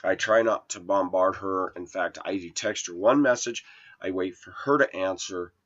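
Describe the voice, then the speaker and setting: A man's voice: deep voice, moderate pace, fairly bright tone, lo-fi sound. A man telling a personal dating story to his viewers, aggrieved and quoting texts and calls word for word. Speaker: video blogger.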